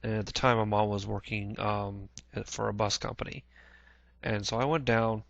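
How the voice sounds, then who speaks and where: Gravelly low-voiced man recalling events. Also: little pitch movement, a bit bright, dry recording, dull audio. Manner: halting, many restarts and frequent throat clearing; plain-spoken, swears casually. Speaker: vlogger. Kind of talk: casual personal recollection.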